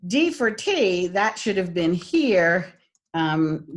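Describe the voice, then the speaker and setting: A woman's voice: lowish voice, sing-song, slow. A woman teaching an online diction class, speaking animatedly and exaggerating sounds to demonstrate them.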